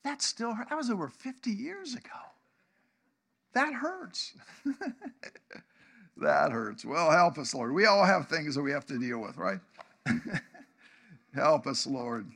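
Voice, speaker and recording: Pastor, 60s, high bright voice, chatty sermon delivery with lots of questions to the room. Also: male voice, very animated, measured pace. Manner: conversational, asks the congregation questions, chuckles often.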